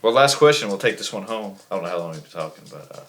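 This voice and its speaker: Relaxed podcast host, lively pitch. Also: male voice, racing, crowd noise. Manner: relaxed, asks questions. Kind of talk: casual chat.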